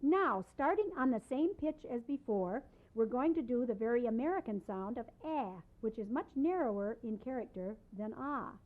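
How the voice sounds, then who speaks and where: Woman voice teacher, calm and deliberate, slightly high voice, tinny cassette sound, piano playing behind. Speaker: vocal instructor. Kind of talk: recorded voice lesson instruction. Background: piano accompaniment.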